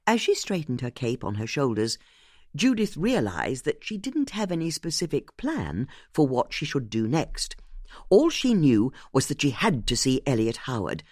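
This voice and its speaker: An audiobook narrator reading a mystery in an expressive way. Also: mid-range voice, moderate pace, no room sound, studio quality.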